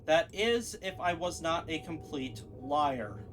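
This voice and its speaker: A man leads a tabletop game as its game master, telling the story in a theatrical, dramatic way. His voice sits a little higher than most men's. Soft music plays faintly underneath him. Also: animated, slow.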